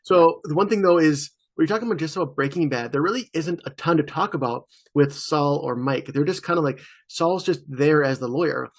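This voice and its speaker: A man co-hosting a podcast, relaxed and joking in casual chat over a video call. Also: a little high, a little fast, few pauses. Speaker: podcast co-host.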